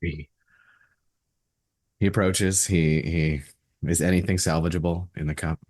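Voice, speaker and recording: A man's voice: low-pitched, fairly even intonation, unhurried, a little mellow. A man playing a tabletop role-play game, describing what his character does in the third person. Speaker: player.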